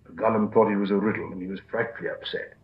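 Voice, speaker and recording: A man's voice: on the low side, steady tone, quick pace, narrow, tinny audio. A man narrating a storybook expressively, performing the character voices himself. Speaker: audiobook narrator.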